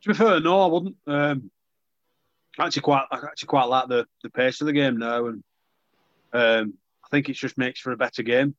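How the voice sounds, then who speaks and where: A young man chats loosely in an interview, often restarting his sentences and poking fun at himself. His voice sits at an ordinary pitch, and the recording sounds dry and slightly dull. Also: brisk, fairly bright tone, dry recording. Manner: chatty, self-deprecating, many restarts. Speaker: rugby league player. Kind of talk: casual interview chat.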